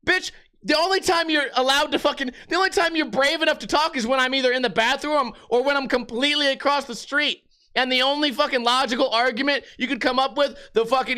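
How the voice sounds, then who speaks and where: A young American man hosting a casual vlog, telling bar stories with lots of swearing and animated retellings. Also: high voice, clean tone. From United States. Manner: profane, animated storytelling. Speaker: vlog host. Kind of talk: casual chat.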